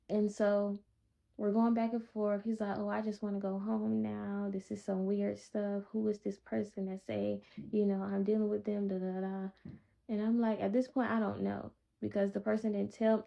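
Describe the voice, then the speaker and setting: A woman telling a personal testimony in a calm, blunt, straightforward way. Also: mid-range voice, vocal fry. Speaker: vlogger sharing a personal testimony. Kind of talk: casual storytelling. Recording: dull lo-fi recording.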